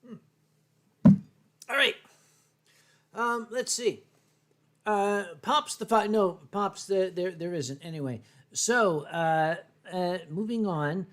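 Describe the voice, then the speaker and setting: An older man hosts a casual livestream, reading viewer comments aloud. He talks in a rambling, self-deprecating way, with plenty of stammered restarts, and his voice sits notably high for a man. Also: slow, pauses often, a bit bright, slight background noise. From United States. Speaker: livestream host.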